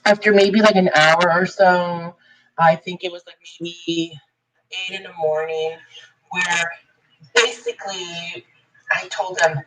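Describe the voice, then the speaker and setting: A young woman tells a personal story in a relaxed, chatty vlog manner. Her voice sits a little low, and she brightens noticeably whenever she quotes someone. Faint background hiss is present. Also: takes it slowly, poor audio. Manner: chatty, animated when quoting others. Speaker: vlogger.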